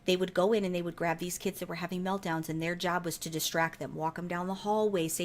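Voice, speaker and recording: Fast and with hardly any pauses, this thirties-aged woman hosts a podcast and laughs while telling a casual, profane story. Her pitch is fairly low and her intonation stays fairly even.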